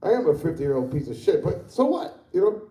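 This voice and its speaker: A man's voice: a little high, very animated, a little fast, mellow, reverberant, recorded from a distance. A fifty-year-old man doing a rambling, profane stand-up set in a comedy club. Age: 50s.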